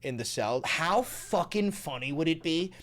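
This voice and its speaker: Brief excitable man, sarcastic and profane, lively swooping pitch, casual vlog commentary. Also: a little slow. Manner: profane, excitable and sarcastic, swings between muttering and shouting. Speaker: political commentary creator.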